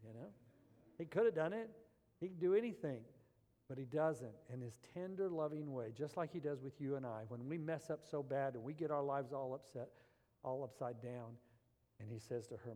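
A man preaching a sermon with passion, swinging between loud urgency and hushed intensity. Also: mid-range voice, normal speed, long reverb tail.

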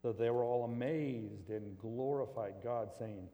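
A man preaching a sermon, swinging between loud emphatic stretches and quiet, low scripture reading. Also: measured pace, phone-quality sound, slight background noise. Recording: long reverb of a large hall.

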